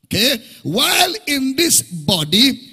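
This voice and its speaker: Sing-song preacher in a big hall. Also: male voice, very high voice, sing-song, slow, creaky, bright, forceful tone, slightly rough. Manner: emphatic, repetitive rhetorical questions, sing-song preaching cadence. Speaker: pastor. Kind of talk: sermon. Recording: large hall reverb, faint music behind.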